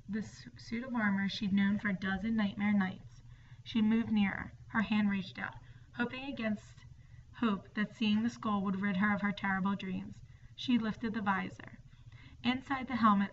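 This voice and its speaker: A woman reading a ghost story aloud, dropping to a hushed whisper at the scary parts. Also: mid-range voice. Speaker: narrator. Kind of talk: storybook narration. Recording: dull distant recording with faint hiss.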